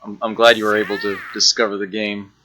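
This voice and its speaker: A man streaming old arcade games, chatting casually with viewers, laughing often and filling pauses with uhs. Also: lowish voice, flat delivery, background noise. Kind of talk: casual gameplay commentary. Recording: backup mic, music behind.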